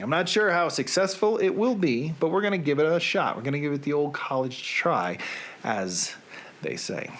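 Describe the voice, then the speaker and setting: A man's voice: medium pitch, fairly bright tone. Rambling male radio host. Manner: rambling, digressive, chatty. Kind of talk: casual monologue.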